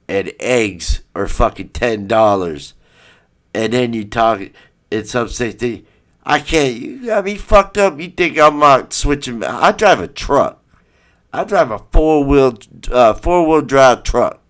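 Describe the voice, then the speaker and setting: A man hosting a live stream, ranting heatedly and profanely in a rambling way. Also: lowish voice. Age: adult parent. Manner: rambling with restarts. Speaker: livestream host.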